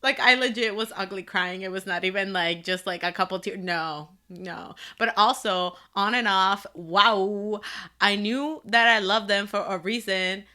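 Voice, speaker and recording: An excitable woman co-hosts a casual music podcast, gushing and laughing often. Her voice is bright and forward. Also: mid-range voice, a little slow. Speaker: podcast co-host. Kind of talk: casual chat.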